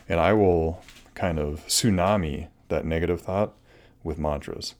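A man's voice: very deep voice, a little slow, darkish tone. A middle-aged man hosting a solo advice podcast, talking earnestly and casually with many restarts and fillers. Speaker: podcast host.

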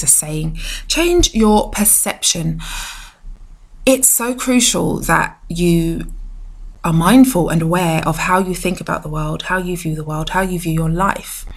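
A woman hosts her own podcast in a loose, reflective monologue. Her voice sits on the low side and has a gravelly, creaky texture. She rambles with fillers and restarts as she talks. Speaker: podcast host. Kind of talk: casual solo podcast monologue.

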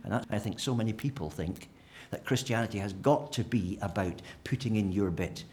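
A man preaching a sermon, animated and humorous, acting out the voices of imagined people. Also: lowish voice, brisk. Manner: animated, acts out imagined speakers with humour.

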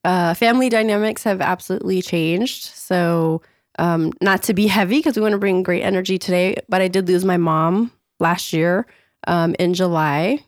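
Hoarse-voiced female radio guest. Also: lowish voice, moderate pace, dry recording, studio quality. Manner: open and steady, with fillers. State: sick, hoarse. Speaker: guest, business owner. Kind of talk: casual radio interview. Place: radio studio.

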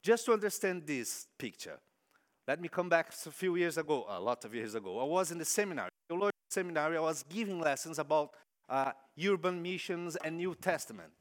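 Guy preaching in english as a second language, kinda high voice, bounces all over when he tells a story. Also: fairly quick. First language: not English. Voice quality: non-native English phrasing. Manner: animated storytelling, acting out quoted voices. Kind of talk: sermon.

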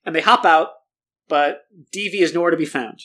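A podcast co-host chatting casually and retelling a book's plot in an animated way, acting out the characters' lines. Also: male voice, a little high, fairly quick.

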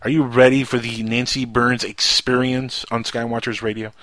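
A man's voice: medium pitch, little pitch movement, moderate pace, a bit bright, dry recording. A man hosting a casual radio talk show, rambling and jokey. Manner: rambling, jokey storyteller who slips into impressions.

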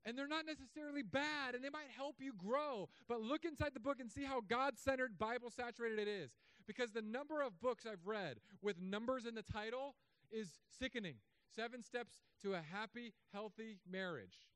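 A man preaching a sermon as pastor, in his thirties, with humorous, sarcastic asides and animated swings in delivery. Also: extremely high pitch, moderate pace, clean tone, no room sound.

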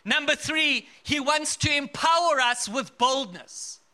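A man from South Africa delivering an emphatic sermon, telling stories with bursts of laughter. His voice sits very high for a man, with a sharp, bright edge. He builds his points in a rousing preaching style. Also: a little slow.

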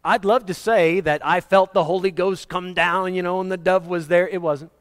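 Male preacher, fairly high voice, animated storyteller who acts out the voices of the people he quotes. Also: normal speed. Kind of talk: sermon with personal stories.

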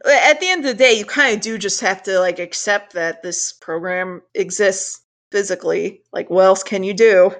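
A woman co-hosting a casual chat, recapping a cartoon episode in an animated way, swearing and acting out characters' lines. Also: mid-range voice. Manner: animated, swears, acts out lines in quick voices. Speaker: podcast co-host.

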